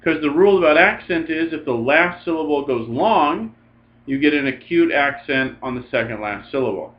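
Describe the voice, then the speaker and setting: A man's voice: a little high, animated, normal speed. Man drilling Greek endings, dull recording. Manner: patient, drills forms aloud in lists. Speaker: Greek teacher. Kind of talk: recorded grammar lecture.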